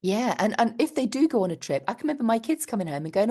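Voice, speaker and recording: This middle-aged podcast co-host speaks quickly, her voice pitched a little high. Laughter runs through the relaxed conversation as she tells stories with animated energy.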